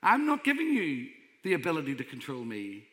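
Male pastor, emphatic conversational preacher, bright voice, reverberant hall. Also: fairly high pitch, wildly swooping pitch, brisk. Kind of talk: sermon.

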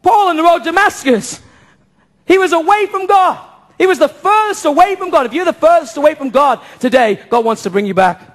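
A man preaching a sermon to a church congregation, impassioned, firing off rhetorical questions and breaking into shouts. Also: very high voice, lively intonation, a little fast. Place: church service before a congregation.

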